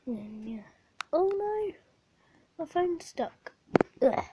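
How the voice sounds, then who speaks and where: In a very noisy recording, a woman talks to her pet hamster in a casual vlog, her voice extremely high and sing-song with drawn-out words. She's sick and short of breath, frequently whispering and cooing at the animal.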